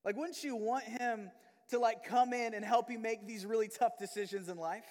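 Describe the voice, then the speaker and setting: A man's voice: very high voice, fairly even intonation, normal speed, darkish tone, long reverb tail. A man giving a sermon as pastor in a church, talking conversationally and acting out quoted prayers and voices. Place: church sanctuary.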